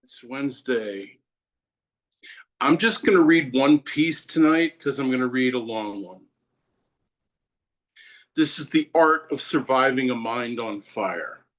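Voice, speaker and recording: Man, open mic poet, mid-pitched voice, slow calm deliberate reading. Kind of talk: poetry reading.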